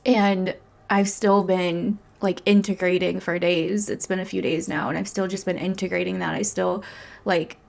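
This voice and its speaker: Gravelly-voiced woman in casual chat. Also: lowish voice, moderate pace. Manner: animated, swears freely, many "like" fillers. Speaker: astrologer.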